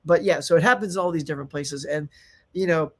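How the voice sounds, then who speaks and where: A man hosting a casual live chat show, rambling and animated, reading out viewer comments and laughing often. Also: fairly high pitch, fast talker. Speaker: livestream host.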